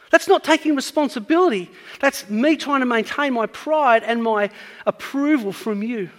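High-voiced man preaching in a reverberant hall. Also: lively intonation, moderate pace. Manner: earnest teaching, rising to emphatic peaks. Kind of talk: sermon.

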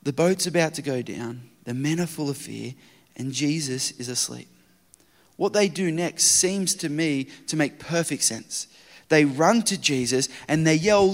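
A man preaching a sermon, swinging between loud urgent retelling and hushed quiet. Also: high-pitched, moderate pace. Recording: long hall reverb.

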